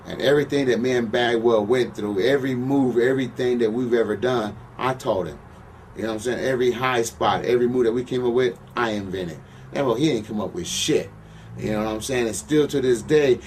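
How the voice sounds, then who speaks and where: A former pro wrestler telling profane, boastful stories in an interview. He keeps asking "you know what I'm saying?". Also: on the low side. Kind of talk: profane shoot-interview storytelling. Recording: distant mic with faint background noise.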